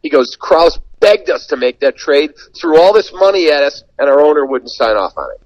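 A man's voice: on the high side, moderate pace, no room sound, dull audio. A man who works as a sports radio and TV broadcaster, telling an anecdote in a casual podcast chat and acting out the quoted voices. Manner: animated anecdote teller, acts out quoted dialogue.

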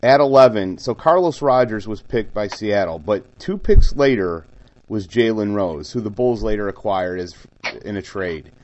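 Co-host, male, eager questioner who restarts his sentences, lowish voice, dull lo-fi line. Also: lively intonation, moderate pace, a little mellow, slight background noise. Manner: eager questioner, stammers into follow-ups. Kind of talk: casual sports chat.

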